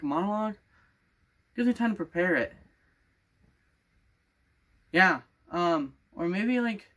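A man's voice: high-pitched, fairly bright tone. Rambling teenage boy vlogger. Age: teens. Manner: rambling and playful, putting on a loose made-up accent. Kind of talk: casual vlog talk to camera.

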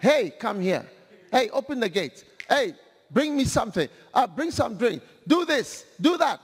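A bossy rich man snaps out orders to his servants in quick commands, played by a man preaching. The voice sits very high and rings through a long hall reverb. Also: sing-song, slightly rough, full character voice.

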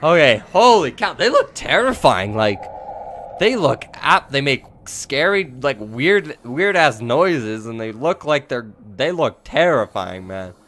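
A man giving let's play commentary, excitable and quick to yelp, talking straight to his viewers. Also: medium pitch, a little hiss or hum. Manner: excitable, yelps and jumpy outbursts, addresses viewers. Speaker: gaming video creator.

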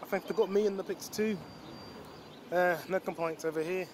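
A man with a notably high voice talks in a loose, rambling way, cursing often as he drifts from thought to thought. He records himself outdoors in a city. Street traffic and city noise sit clearly behind him. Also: steady tone, normal speed. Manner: loose, profane, rambling storytelling. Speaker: vlogger. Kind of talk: casual rambling monologue. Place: outdoors in a city, walking and sitting on a bench. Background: traffic and city ambience.

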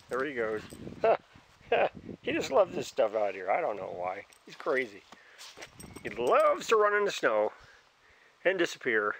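A man's voice: wildly swooping pitch, slow pace, pauses often, fairly bright tone, a little hiss or hum. A man casually narrating a home video outdoors in his snowy yard, rambling on and chatting to his dog. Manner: rambling, chatty, talks to his dog in a high sing-song voice. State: cold, fingers freezing. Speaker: vlogger.

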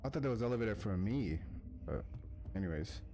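Excitable man reacting to a game. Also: fairly low pitch, quick pace, a little hiss or hum. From United States. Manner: excitable, talks to the game characters, chants urgent repeats. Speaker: gaming YouTuber. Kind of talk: live gameplay commentary.

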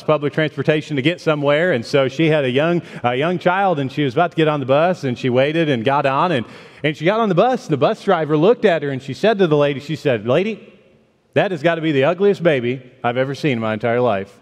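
A man's voice: on the high side, quick pace. A man from the northern United States giving a folksy sermon as guest preacher, with many fillers and restarts. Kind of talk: sermon with a joke. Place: church sanctuary. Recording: long church reverb.

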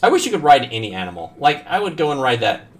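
Male game streamer, very lively pitch swings, casual and profane banter with viewers. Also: fast talker. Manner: animated, swears often, jokes with chat. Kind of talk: casual live-stream commentary.

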